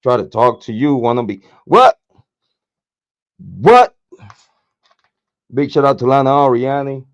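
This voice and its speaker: A hoarse man hosting a true crime livestream, cursing freely and hyping his chat with repeated chants, speaking into a desk mic. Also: mid-range voice, steady tone, fairly quick, few pauses. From Puerto Rico. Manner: profane, repetitive hype chants. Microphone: desk microphone, camera off.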